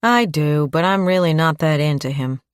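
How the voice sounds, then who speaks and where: A woman's voice: low-pitched, expressive, moderate pace, clean tone, no echo, studio quality. A woman voicing a chatty, talkative female detective in an audiobook. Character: chatty female detective who loves puzzles.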